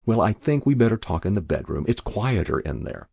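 A man's voice: fairly low pitch, very animated, brisk, gravelly, warm tone, breathy edge, no room sound, exaggerated voice. A man reading a story aloud and voicing a timid young husband who speaks hesitantly and pleads. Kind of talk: audiobook narration.

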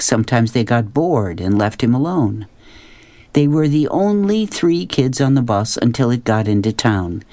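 A man's voice: mid-range voice, a little mellow, no echo. Man reading a storybook aloud, dry. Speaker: narrator.

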